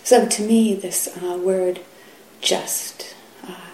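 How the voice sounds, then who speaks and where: A middle-aged woman giving a Zen dharma talk, soft and halting, often sinking to a whisper. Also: mid-range voice, steady tone, a little hiss or hum. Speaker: Zen teacher. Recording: roomy hall echo, faint ambience.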